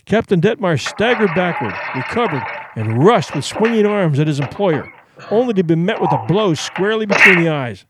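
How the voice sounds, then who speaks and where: Expressive male storyteller. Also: sits high, moderate pace, heavy background noise. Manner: expressive, dramatic reading. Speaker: host and storyteller. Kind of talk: storybook narration.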